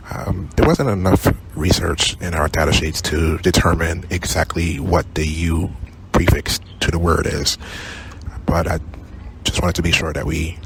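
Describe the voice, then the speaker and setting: A man giving a class project presentation over slides, halting with fillers and unsure of foreign words. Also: rumbling low, gravelly, slight background noise, rough recording. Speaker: student presenter.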